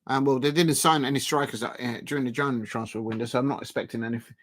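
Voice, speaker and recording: A man's voice: medium pitch, fairly even intonation, quick pace, background noise. Rambling man chatting during a football stream. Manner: rambling, many fillers and restarts; chats to viewers while eating. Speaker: football watch-along streamer. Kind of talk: casual live-stream chat.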